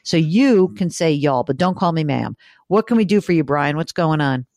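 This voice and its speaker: A woman hosting a call-in show, her pitch swinging up and down with lively energy. She talks in a chatty, joking way, recorded dry and close with no room sound. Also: moderate pace, dry recording. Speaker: host. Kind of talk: radio call-in chat.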